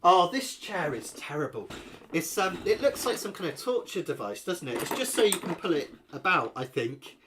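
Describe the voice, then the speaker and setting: A man's voice: sits high, big pitch swings, normal speed, background noise. A middle-aged man, rambling and chatty as he hosts a live ukulele lesson Q&A from home. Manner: chatty, rambling, self-deprecating, fillers. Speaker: ukulele teacher.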